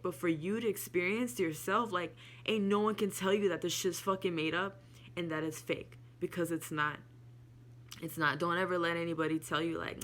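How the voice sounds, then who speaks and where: A woman's voice: fairly low pitch, steady tone, normal speed, fairly bright tone, slight background noise. A woman casually telling a personal spiritual story to camera, candid and emotional, swearing freely. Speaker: spiritual vlogger.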